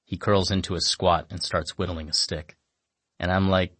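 A man narrating a comic first-person story in a wry, deadpan way. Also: sits low, moderate pace, dry recording.

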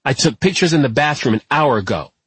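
A man voicing a defiant nine-year-old boy in an audiobook, with a husky, dry sound. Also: mid-range voice, animated, fast, a bit bright, dry recording, voice pushed up. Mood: cocky. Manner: cocky, defiant, rising to a yelp.

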